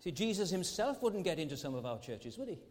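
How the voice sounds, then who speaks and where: A man's voice: high voice, sing-song, a little fast, noisy background. A man preaching a sermon as pastor, earnest and fond of rhetorical tag questions. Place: large church sanctuary. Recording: long church hall reverb.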